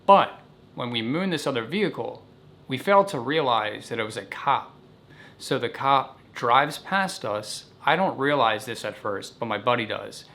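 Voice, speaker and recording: A man casually recounting a childhood story in an animated, vivid way. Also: medium pitch, measured pace, gravelly.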